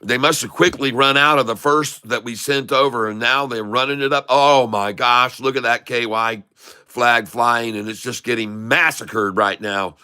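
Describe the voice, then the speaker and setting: A man hosting a day-trading channel, talking through his trades live in a loose, chatty way. His voice is bright and crisp, with a clean, smooth finish. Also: medium pitch, steady tone, normal speed. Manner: chatty, pointing things out on screen.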